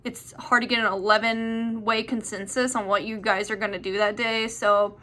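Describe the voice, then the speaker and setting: A woman's voice: mid-range voice, flat delivery, normal speed, bright, forceful tone. A young woman answering viewer questions in a chatty, rambling way with lots of fillers. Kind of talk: casual chat.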